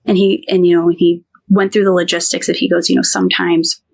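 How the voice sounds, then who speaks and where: Podcast guest, woman, 30s, emotional first-person storytelling, halting delivery. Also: lowish voice, little pitch movement, creaky, husky. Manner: halting, many restarts, quotes others.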